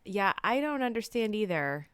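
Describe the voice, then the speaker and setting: A woman co-hosting a casual podcast chat, chatty and quick to laugh, telling animated anecdotes. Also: medium pitch, smooth, no echo. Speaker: podcast co-host.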